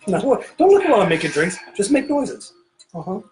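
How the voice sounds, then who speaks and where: High-voiced man rambling behind a bar. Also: huge pitch swings, fairly quick, noisy background. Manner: rambling, self-interrupting, playful. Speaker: bartending show host. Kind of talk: casual joke-telling chat while mixing drinks. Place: home pirate-themed bar.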